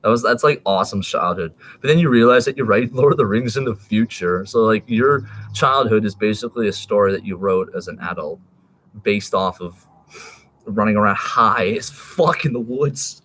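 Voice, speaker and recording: A man's voice: lowish voice, normal speed, fairly bright tone. A man in his thirties rambling in a casual, profane monologue, laughing and jumping between topics.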